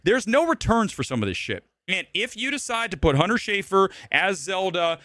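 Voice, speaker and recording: A man's voice: high voice, sing-song, moderate pace, bright, forceful tone, no room sound, studio quality. A man hosting a live movie-talk stream, ranting bluntly and combatively with profanity and emphatic repetition. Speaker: live show host. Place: Los Angeles.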